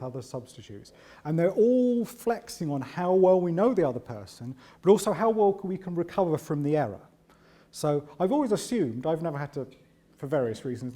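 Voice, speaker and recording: A man giving a conference talk, chatty and animated, with self-deprecating humour and frequent asides of "right?". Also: on the high side. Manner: animated and chatty, often tags lines with "right?". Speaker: conference speaker.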